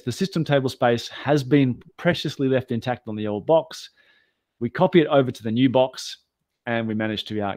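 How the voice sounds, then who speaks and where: Male guest, mid-pitch, animated self-deprecating storyteller, dry close sound. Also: no echo. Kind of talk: anecdotal storytelling.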